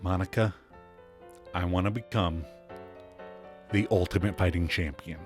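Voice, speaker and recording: A man playing a self-assured, grandiose rich boyfriend in a comic scene read-through, speaking slowly and deliberately. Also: fairly low pitch, lively intonation, a bit bright, faint music behind, voice pushed down. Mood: solemn.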